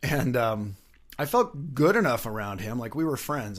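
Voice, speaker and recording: A middle-aged man who is a guest on an interview show, telling rambling, lively anecdotes and laughing often. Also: medium pitch, fairly quick. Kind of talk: casual anecdotal storytelling.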